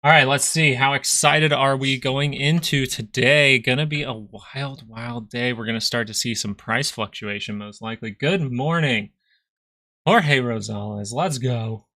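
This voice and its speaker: A man's voice: mid-range voice, measured pace, pushed and bright, dry recording, studio quality. A young man hosting a stock market livestream, chatting casually and loosely while out of breath. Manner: loose, rambling, slangy.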